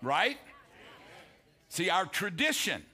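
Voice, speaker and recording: A pastor preaching a sermon, slowing down for emphasis and asking the congregation for an amen. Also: male voice, high voice, big pitch swings, bright, forceful tone, slightly rough. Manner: preaching, asks congregation "Amen?", quotes scripture with emphatic slowed phrases.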